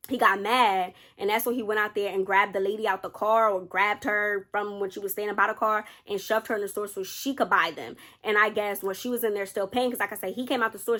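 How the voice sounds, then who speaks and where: Bright-voiced young woman telling a story. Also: mid-range voice, a little fast. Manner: animated, addresses viewers as y'all, quotes others. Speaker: storytime vlogger. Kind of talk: casual storytelling to camera. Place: indoors under a studio light.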